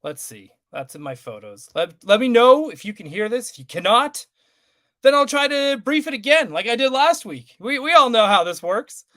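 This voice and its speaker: A man's voice: extremely high pitch, very animated, moderate pace, bright, forceful tone, no echo. A man co-hosting a casual live stream, rambling and apologetic as he fumbles with the tech. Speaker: podcast co-host.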